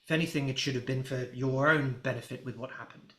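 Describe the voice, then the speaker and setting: A man voicing an angry, gruff dockmaster who blusters and accuses. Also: mid-range voice, steady tone, fast talker, a bit bright, natural voice. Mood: accusing. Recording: roomy echo.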